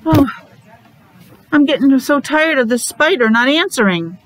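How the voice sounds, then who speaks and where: Teacher lady reading a kids' picture book, bouncy sing-song voice, kinda high. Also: measured pace, a little hiss or hum, low-quality recording. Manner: animated storytelling, stops to explain to young listeners.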